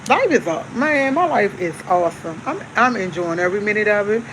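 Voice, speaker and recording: A woman's voice: mid-range voice, animated, brisk, noisy background. A woman hosting a casual live stream, chatting easygoingly to her viewers and repeating herself. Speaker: livestream host. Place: at home with coffee.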